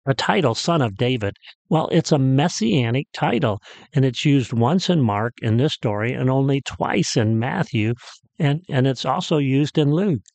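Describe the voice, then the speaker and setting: Male pastor preaching on radio, mid-pitched, storytelling with emphatic build-ups, dry booth sound. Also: expressive, moderate pace, creaky, a little mellow, dry recording. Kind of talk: radio sermon.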